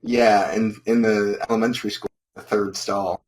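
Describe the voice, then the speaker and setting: A man co-hosting a live stream, answering his partner with mild "oh my goodness" reactions. His voice sits a little low, and he tells a short ghost tale in a plain, easy way. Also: level tone, moderate pace, a little mellow, poor audio. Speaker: podcast co-host. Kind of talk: casual live-stream chat.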